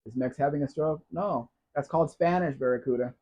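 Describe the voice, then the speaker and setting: On a dull, lo-fi recording, a live stream host from the United States runs an informal Q&A, talking and reading comments from viewers aloud. He's an American man with a fairly high voice and a slightly quick delivery.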